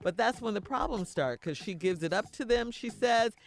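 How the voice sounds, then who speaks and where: Animated woman radio co-host. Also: medium pitch, moderate pace. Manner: animated, laughing often. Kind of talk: reading a listener letter on morning radio.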